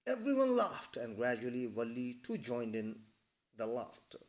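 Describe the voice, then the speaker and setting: A man's voice: medium pitch, little pitch movement, measured pace. A man, reading a story aloud and explaining it to a class, often checking in with "all right?". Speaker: English teacher.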